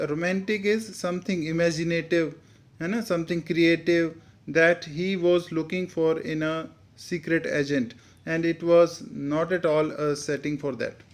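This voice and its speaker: Man, Indian English accent, teacher explaining a story, slightly high voice, mixes in Hindi. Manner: reads a sentence, then re-explains it in simple words with Hindi asides. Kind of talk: explaining a textbook story line by line.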